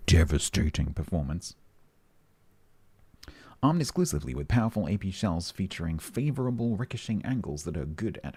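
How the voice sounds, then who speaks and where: A very deep, dark-toned man talks casually into a desk mic as he streams, reading update notes aloud and breaking off to joke with his chat. His voice is husky and mellow. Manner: chatty, jokey, reads aloud and breaks off to answer chat.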